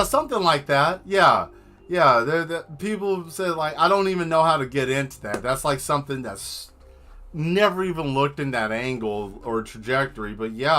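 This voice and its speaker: A man's voice: medium pitch, bright, forceful tone. A man hosting a painting livestream, chatting casually with viewers in a rambling, joking way. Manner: rambling, joking, answers the chat.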